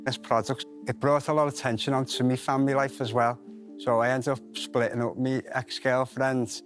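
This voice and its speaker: A man speaks with earnest, heartfelt emotion while he pitches his product. His voice sits at an ordinary pitch. Faint music plays under him. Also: little pitch movement, moderate pace. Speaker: entrepreneur pitching. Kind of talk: business pitch conversation.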